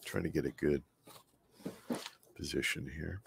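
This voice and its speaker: Low-voiced man with a scratchy voice. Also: fairly even intonation, a little slow, vocal fry. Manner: muttering to himself, trailing off and restarting. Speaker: artist hosting a live painting stream. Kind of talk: rambling live-stream chat while painting.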